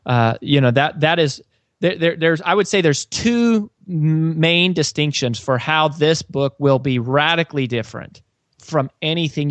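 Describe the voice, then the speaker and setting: Man, author and coach, mid pitch, earnest, restarts often, dry sound. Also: dry recording. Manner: earnest, frequent restarts and fillers. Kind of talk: storytelling interview answer.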